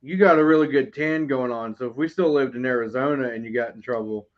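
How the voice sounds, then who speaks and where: Man, podcast co-host, mid-pitched voice, dry jokes, dull lo-fi recording. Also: fast talker. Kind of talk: casual chat.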